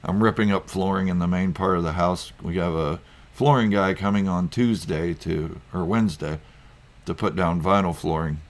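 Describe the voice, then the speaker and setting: A YouTube channel host with a deep voice runs a casual live stream from home at normal speed, rambling through viewer comments with lots of ums and chuckles.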